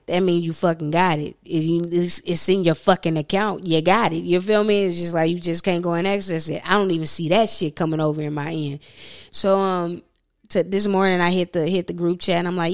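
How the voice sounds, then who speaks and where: A woman's voice: lowish voice, moderate pace. Ranting woman on a casual podcast. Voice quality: profane, ranting, animated storyteller. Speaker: podcast co-host. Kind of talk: casual chat.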